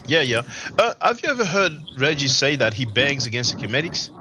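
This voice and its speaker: A man's voice: mid-range voice, big pitch swings, fairly quick, bright, forceful tone, slight background noise. A man hosting a live online panel, rambling in casual commentary with many fillers and mocking quotes of others. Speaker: livestream panel host.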